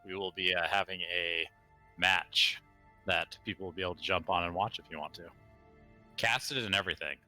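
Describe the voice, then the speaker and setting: Very bright-voiced man, hesitant chat. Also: sits low, steady tone, normal speed, soft background music. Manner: hesitant, chatty with fillers. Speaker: player.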